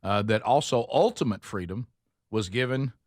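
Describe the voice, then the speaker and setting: A man hosting a casual morning radio show, folksy and halting, often repeating words. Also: medium pitch, lively intonation, dry recording, studio quality.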